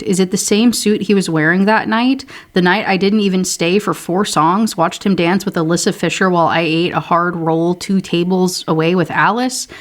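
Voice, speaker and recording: A young woman reviewing a book, reading passages aloud with casual asides in between. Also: lowish voice. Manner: brisk reading, casual asides, slips into character voices.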